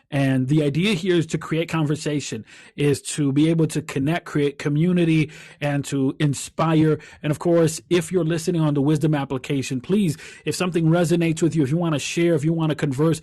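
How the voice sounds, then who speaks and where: Earnest man, slightly high voice. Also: mellow, no room sound, studio quality. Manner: earnest, heartfelt, repeats words as he thinks. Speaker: podcast host and coach. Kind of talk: reflective solo podcast talk.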